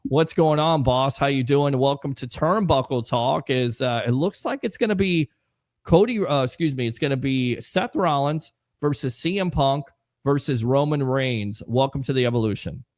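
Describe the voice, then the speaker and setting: A man's voice: mid-range voice, moderate pace, no echo. A man hosting a casual live sports talk show, reading out viewer comments in a chatty way with frequent fillers.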